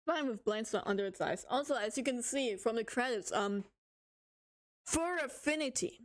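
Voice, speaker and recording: A woman's voice: on the high side, expressive, normal speed. A woman streamer reading horror stories to her chat, joking, giggling and swearing a lot.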